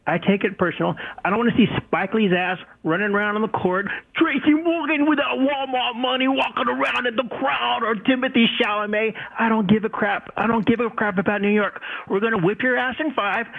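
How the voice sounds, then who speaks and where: A man's voice: very high voice, gravelly. A man calling in to a sports radio show, ranting bitterly and trash-talking. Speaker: caller. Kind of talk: radio call-in rant. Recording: tinny phone line.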